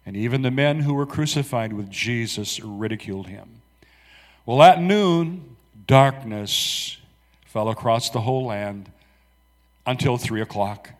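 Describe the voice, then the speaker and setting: A man preaching, reading scripture aloud slowly and dramatically, with soft asides to the congregation. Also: mid-range voice, in a large hall.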